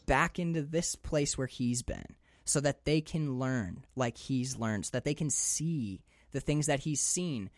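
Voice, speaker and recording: A man's voice: mid-range voice, a little slow, no room sound. A man riffing on a film in a podcast chat, his voice swinging through a wide range as he acts out lines and swears with gusto. The sound is dry and close, with no room around it. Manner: animated, swears freely, acts out characters' lines. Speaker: podcast co-host. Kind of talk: casual movie discussion.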